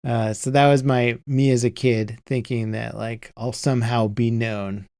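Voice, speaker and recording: A man in his thirties hosts a casual gaming podcast, drifting through nostalgic stories with plenty of ums and restarts. His voice sits at an ordinary middle pitch. The close mic leaves no room sound. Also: measured pace, clear, resonant tone, no room sound. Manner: relaxed, rambling, nostalgic storytelling with many fillers. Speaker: podcast host. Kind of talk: casual chat.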